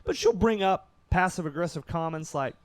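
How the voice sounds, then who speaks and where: Animated young man. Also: sits high, normal speed, no echo. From Kentucky, USA. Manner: animated, acts out quotes, laughs through the telling. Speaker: podcast guest. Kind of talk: casual storytelling on a podcast.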